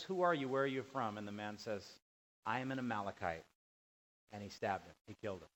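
A man's voice: medium pitch, a bit bright, poor audio. Man preaching with rising emphasis. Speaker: pastor. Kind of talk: sermon.

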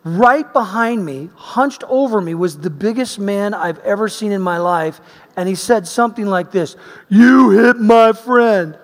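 Male preacher, high-pitched, lively storyteller who shifts from loud to hushed; large echoing hall. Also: normal speed. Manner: animated storyteller, swinging between loud emphasis and quiet asides. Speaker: pastor. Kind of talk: sermon with personal storytelling. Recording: long reverb of a large hall.

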